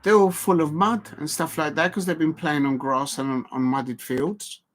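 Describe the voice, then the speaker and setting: An excitable middle-aged man gives live watch-along commentary on a football match. He talks in a loose, chatty way, reacts to the action as it happens and speaks directly to his viewers. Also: on the high side, moderate pace. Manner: excitable, chatty, reads out chat.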